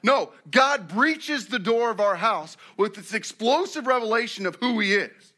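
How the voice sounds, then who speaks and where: An animated male pastor preaching with a bright, forceful tone and a slightly high voice. He swings between loud bursts and quiet, low passages, acting out little quoted lines as he goes. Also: measured pace, hardly any pauses. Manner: animated, acts out quotes, rises and drops in volume. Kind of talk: sermon.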